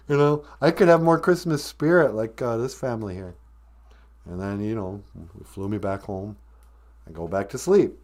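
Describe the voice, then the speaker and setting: A man's voice: mid-range voice, moderate pace, a little mellow. A man hosting a live-stream podcast, telling a comic story with jokey asides. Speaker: podcast host.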